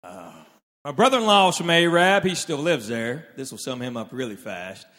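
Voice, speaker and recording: This stand-up comedian tells stories and acts out what his relatives said, performing animatedly on a live stage in a large hall. His medium-pitched voice moves at a moderate pace amid the reverb and faint room noise of the venue.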